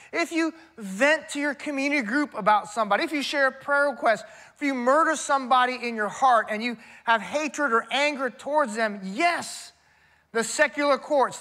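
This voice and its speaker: A man's voice: very high-pitched, sharp tone. A man preaching a sermon in a church, emphatic and conversational, often addressing the crowd as y'all. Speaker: pastor.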